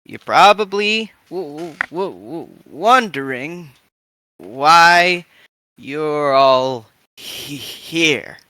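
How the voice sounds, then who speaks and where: A man voicing a frail, shrewd old woman who stutters and speaks slowly in a tabletop game. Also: fairly high pitch, expressive, pushed and bright, heavily acted. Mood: sly. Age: older. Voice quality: stuttering, slow voice. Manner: sly, calculating. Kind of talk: tabletop role-play voicing.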